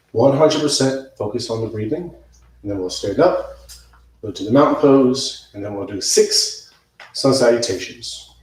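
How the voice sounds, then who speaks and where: A man's voice: medium pitch, a little mellow. A man teaching yoga, talking to the camera in an unscripted, rambling way, correcting himself as he goes and dropping in casual slang. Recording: very echoey room, voice from a distance.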